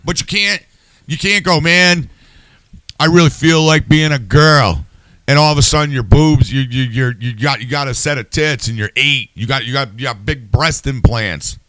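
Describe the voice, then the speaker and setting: A man's voice: medium pitch, lively intonation, normal speed, fairly bright tone, no room sound. A man hosting a podcast, ranting in a heated, profane, casual way. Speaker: podcast host.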